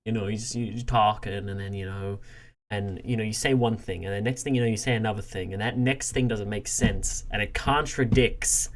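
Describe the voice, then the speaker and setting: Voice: medium pitch, fairly even intonation, fairly quick. A podcast co-host chatting casually, talking emphatically and playfully acting out little quotes. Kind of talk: casual chat.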